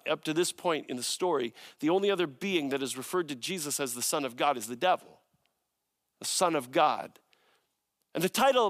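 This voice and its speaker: Male preacher, high voice, emphatic delivery, stacks up long lists and checks in with "right?". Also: a bit bright. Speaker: pastor. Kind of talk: sermon.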